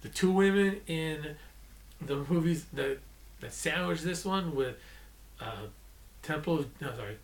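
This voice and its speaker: A man with a slightly high voice rants casually about movie characters, sounding fed up. He rambles, restarts his sentences and corrects himself as he goes. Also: unhurried, long pauses. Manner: mocking quotes in a shrill put-on voice. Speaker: movie vlogger. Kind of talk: casual ranting movie review.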